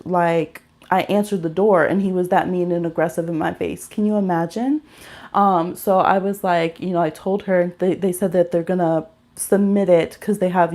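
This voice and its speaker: A woman's voice: medium pitch, warm tone. A young woman chats on a livestream, telling her story with lots of animation. She keeps calling her viewers y'all, and her voice comes through the phone she streams on. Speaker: tarot reader hosting a livestream. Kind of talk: casual livestream chat.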